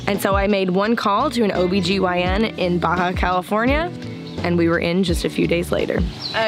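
A woman's voice: medium pitch, fairly bright tone. A young woman narrating a casual travel vlog, candid and laid-back, swearing casually. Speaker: vlogger, pregnant traveler.

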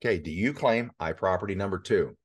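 A middle-aged man hosting a conversational interview, talking in animated bursts that rise to emphatic peaks. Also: low voice, a little fast, breathy edge. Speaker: host.

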